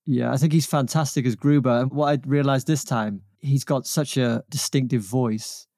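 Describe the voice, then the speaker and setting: A man's voice: medium pitch, steady tone, moderate pace, darkish tone, no echo. A man with a mid-range voice talks through his opinions on a film podcast and slips in dry, wry jokes. The sound is close and dry. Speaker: podcast co-host. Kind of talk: casual film discussion.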